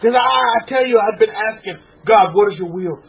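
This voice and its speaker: Tearful male preacher, fervent, high husky voice, tinny phone-like audio. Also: normal speed. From Texas. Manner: fervent, swings from loud exclaiming to hushed murmuring. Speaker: rabbi. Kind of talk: emotional sermon to an online congregation.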